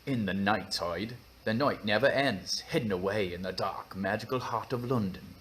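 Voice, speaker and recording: A man reading a book aloud as a brooding private eye, in a mock Cockney accent with a slow, emphatic, theatrical delivery. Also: on the low side, fairly bright tone, a little hiss or hum, natural voice.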